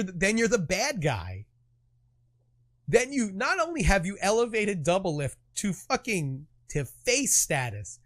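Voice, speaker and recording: Man, podcast co-host, casual chat, high voice, very lively pitch, swears freely. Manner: animated, profane, acts out quoted trash talk.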